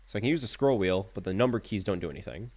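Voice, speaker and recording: A man streaming a horror game live, talking to himself with jokey, animated commentary while keyboard clicks sound behind him. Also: lowish voice, racing.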